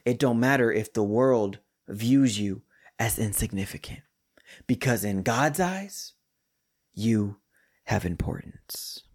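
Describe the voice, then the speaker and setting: Animated man preaching on a podcast. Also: slow. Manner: animated, swings high for jokes and drops to hushed emphasis. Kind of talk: casual podcast sermon.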